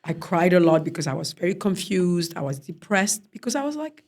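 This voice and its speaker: A woman with a lowish voice talks fairly quickly with few pauses. She's a guest in an interview, telling a personal story in casual conversation, and she gets animated as she acts out the voices of the people she quotes.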